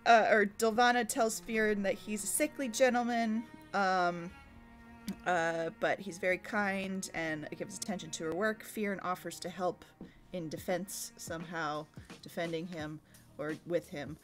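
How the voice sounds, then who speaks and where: A woman's voice: fairly low pitch, fairly even intonation, unhurried, faint music behind. A woman co-hosting a podcast, recapping a tabletop game session in casual chat, often laughing and teasing her co-host. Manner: giggly, chatty, teasing.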